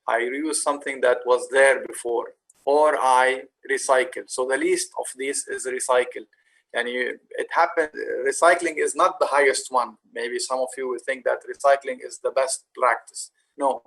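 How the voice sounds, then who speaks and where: Male course instructor, mid-pitched, gravelly, patient explainer. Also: a bit bright, poor audio. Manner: explanatory, with frequent fillers and restarts. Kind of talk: lecture on facility management.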